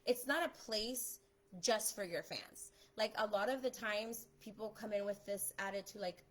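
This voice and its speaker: A young adult woman talking fast and chattily in a casual live stream, giving social media tips as a photographer. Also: medium pitch, rough recording. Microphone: phone or webcam on a live stream.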